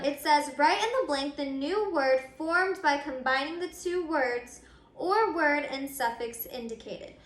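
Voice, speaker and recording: A woman's voice: high-pitched, pushed and bright. A young woman teacher, patiently explaining a grammar lesson step by step with frequent ums. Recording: echoey room.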